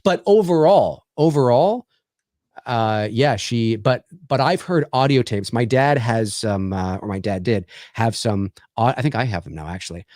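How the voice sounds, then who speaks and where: A man's voice: mid-range voice, animated, normal speed, a little mellow, no room sound, studio quality. A Canadian man in his forties, hosting a casual chat and rambling through stories with many restarts. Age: 40s. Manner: rambling, many restarts and "you know what I mean". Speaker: podcast host.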